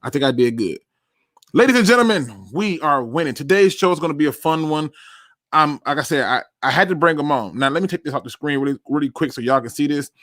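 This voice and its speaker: Sports talk host guy, loose and slangy, kinda high voice, dry sound. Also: fast talker, dry recording. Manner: animated, self-deprecating, loose slangy delivery. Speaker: podcast host. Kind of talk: casual sports talk livestream.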